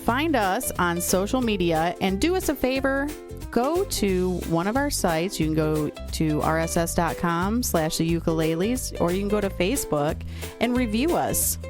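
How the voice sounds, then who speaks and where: A woman co-hosting a podcast, throwing in quick sarcastic quips and giving the sign-off. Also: lowish voice, lively intonation, over music. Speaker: podcast co-host. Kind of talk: casual chat, show sign-off.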